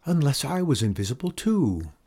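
A man voicing a gentle, tearful lady moose. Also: medium pitch, sing-song, moderate pace, breathy edge, voice pushed up. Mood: tender. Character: gentle shy young female moose, tearful.

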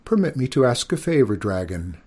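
A man's voice: mid-range voice, big pitch swings, fairly quick, a little mellow, breathy edge. A man doing a polite, hapless young prince. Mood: pleading.

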